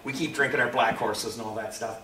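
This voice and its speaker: A man's voice: medium pitch, a little fast. A man hosting a convention panel, telling an anecdote to a live audience and acting out the people in it. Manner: lively storyteller, acts out the people in his story. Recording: echoey room, voice from far off.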